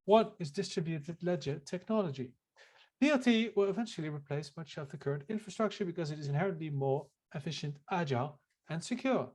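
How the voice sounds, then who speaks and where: A man's voice: a little high, animated, a little fast, darkish tone. A man co-hosting a casual podcast, joking around and reading text aloud, often stumbling over his words. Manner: jokey, stumbles and repeats words. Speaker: podcast co-host.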